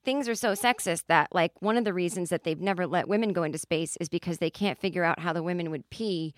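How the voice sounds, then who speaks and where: A woman's voice: fairly low pitch, dry recording. Rambling woman comic, dry close sound. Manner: rambling, self-interrupting storyteller with quick asides. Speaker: podcast host. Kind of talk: casual comedic monologue.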